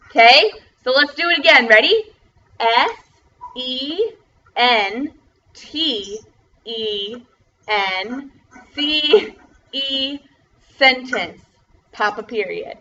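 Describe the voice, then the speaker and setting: A young woman teaching a first grade class over a video call, slowly spelling out words in a bubbly, encouraging way. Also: high voice, expressive, bright, forceful tone, lo-fi sound. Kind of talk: online class lesson.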